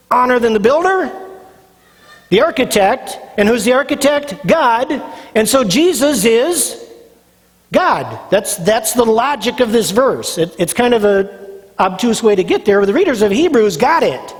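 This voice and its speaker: In a very high-pitched, animated voice, a male pastor delivers his sermon at a measured pace with frequent pauses. He hammers points home by repeating phrases and asks the audience questions only to answer them himself. The recording has a long hall reverb.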